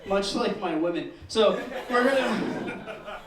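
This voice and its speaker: A man performing a stand-up comedy set, telling a classroom story in a deadpan way, cursing, and squealing when he acts out the kids. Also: high-pitched, slow pace, crowd noise. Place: comedy open mic room. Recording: echoey room, mic heard from a distance.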